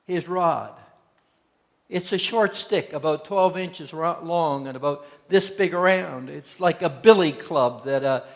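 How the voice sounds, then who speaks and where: A man preaching a sermon as pastor, telling folksy stories and acting out quotes. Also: high-pitched. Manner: folksy storytelling with acted-out quotes. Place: church sanctuary. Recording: long church hall reverb.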